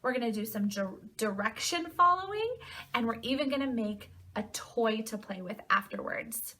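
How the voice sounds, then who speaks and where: A woman preschool teacher speaks to young children with slow, patient pacing. Her voice is bright and a little high, and her pitch swings widely in a lively sing-song. She encourages them along. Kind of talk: children's story reading and lesson.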